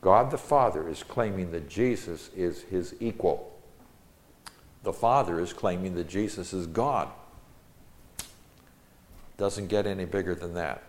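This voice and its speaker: A man's voice: sits low, a little slow, long pauses. A man preaching a Bible-teaching sermon, reading Scripture aloud with rising emphasis and explaining it.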